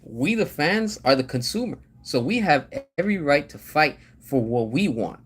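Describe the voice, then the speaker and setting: A man's voice: fairly high pitch, expressive, normal speed, husky. Fired-up man ranting on a live stream. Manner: fired-up, emphatic, sarcastic mocking asides. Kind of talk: ranting commentary.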